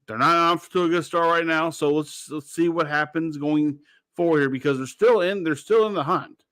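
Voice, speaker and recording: A man running a casual sports radio show, opinionated and rambling, swearing now and then. His voice sits a touch high for a man. The studio sound is dry and close. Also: moderate pace, a bit bright, dry recording. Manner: blunt, rambling, swears freely.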